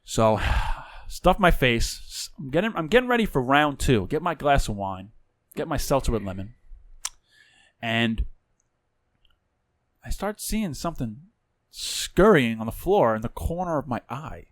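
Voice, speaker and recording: A man telling a story on a podcast, animated and profane, with much swearing. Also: medium pitch, a little slow, pauses often, no echo, studio quality. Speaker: podcast co-host. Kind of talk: casual storytelling chat.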